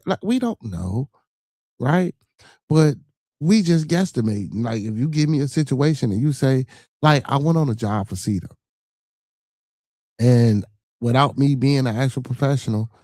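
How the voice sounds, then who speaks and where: Brief: low mellow man, casual rambling podcast talk, dry close mic. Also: dry recording. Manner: loose, rambling, speculative, swears. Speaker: podcast host commenting on a clip. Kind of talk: casual slang-heavy commentary.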